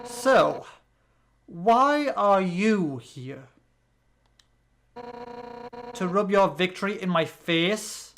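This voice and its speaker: A proud female fish warrior spits out hostile lines as a British player reads her dialogue. The delivery is gruff and pitched low, with a British accent. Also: expressive, extremely slow, pauses often, fairly bright tone, slight background noise, exaggerated voice.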